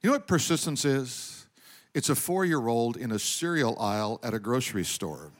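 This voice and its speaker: A middle-aged man preaching a sermon as pastor, animated, often asking the congregation questions. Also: mid-range voice, normal speed.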